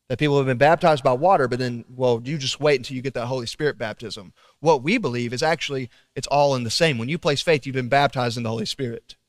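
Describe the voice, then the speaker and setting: Young preacher guy telling stories in a sermon, goes loud then real quiet, big echoey sanctuary. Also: mid-range voice. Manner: animated storytelling, swinging between loud emphasis and hushed asides. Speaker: pastor. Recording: long reverb of a large hall.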